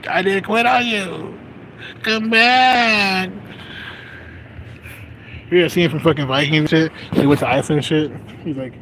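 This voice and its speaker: The voice is high and sharp in tone, with a measured pace and frequent pauses. Outdoors by a street full of traffic, this young man streams a casual, rambling monologue packed with swearing, fillers and laughter.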